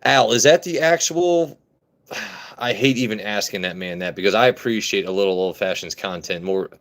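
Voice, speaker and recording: A man with a somewhat low voice hosts a relaxed live stream, tasting whiskey at his desk mic. He chats and jokes with his viewers in an easy, playful way. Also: moderate pace. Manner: jokey, chatty, reads and greets chat. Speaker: livestream host reviewing whiskey. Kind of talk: casual live stream chat.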